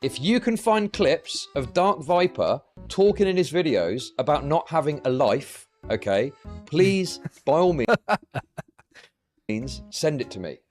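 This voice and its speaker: A male streamer rants with swings in pitch, jumping between low mutters and high, mocking exclamations. He swears freely and laughs as he talks, and his voice sits a little high for a man. Faint music plays behind him. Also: very animated, a little slow, darkish tone. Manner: mocking, profane, laughing ranting. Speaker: streamer host. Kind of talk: live-stream reaction rant.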